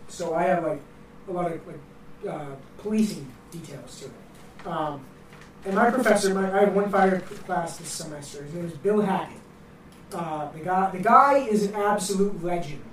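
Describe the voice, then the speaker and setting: A man's voice: high voice, normal speed, fairly bright tone. A young man with a Boston accent, co-hosting a casual chat podcast and telling stories with lots of fillers. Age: young adult. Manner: storytelling with fillers. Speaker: co-host. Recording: roomy echo, distant mic, faint noise.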